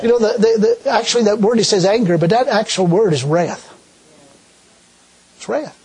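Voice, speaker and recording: A man preaching a sermon in a folksy, animated way, full of rhetorical questions. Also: sits high, normal speed, breathy edge.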